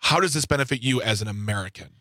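A man co-hosts a political talk show, earnestly posing pointed questions. His voice is bright and forceful at a middle pitch. The recording is dry and close. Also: rapid-fire, no echo. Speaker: co-host.

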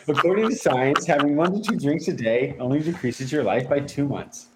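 A man's voice: fairly high pitch, moderate pace. A man appearing as a radio guest, telling news stories in an upbeat, chatty way. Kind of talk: casual radio chat. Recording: echoey room, faint hiss.

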